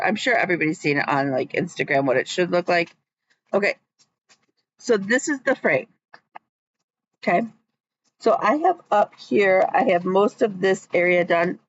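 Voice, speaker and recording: A woman's voice: on the low side, muffled recording. A woman vlogging about her stitching at home in a rambling, chatty way, with many ums. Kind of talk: casual chat.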